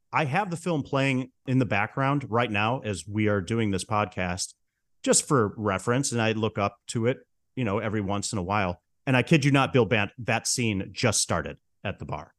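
A man co-hosting a film podcast, talking in an enthusiastic, relaxed, buddy-like way. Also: lowish voice, no echo, clean studio sound. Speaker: podcast co-host. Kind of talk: casual film discussion.

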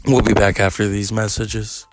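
A man's voice: lowish voice, level tone, moderate pace, music in the background. A man hosting a podcast, telling rambling stories in a chatty, profane way. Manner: rambling storyteller, profane, chatty with many fillers. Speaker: podcast host. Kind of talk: casual podcast monologue.

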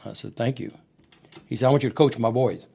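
Middle-aged storyteller, gravelly, animated, quotes others in character. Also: male voice, mid-range voice, brisk, a little hiss or hum. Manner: animated storyteller who acts out quoted voices. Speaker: wrestling booker and promoter, podcast guest. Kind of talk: storytelling interview. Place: podcast studio.

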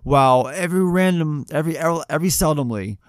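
A man's voice: fairly high pitch, fairly quick, no echo. Dry-voiced man chatting about films. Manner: enthusiastic, rambling with many restarts. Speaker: podcast co-host. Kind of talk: casual film discussion.

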